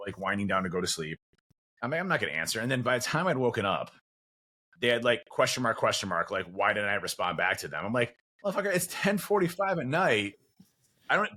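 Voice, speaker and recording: A man's voice: lowish voice, pushed and bright. A man, likely a father of teens, chatting casually as a podcast guest, rambling with lots of fillers and acting out quoted conversations. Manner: rambling, many fillers and restarts; acts out quoted dialogue.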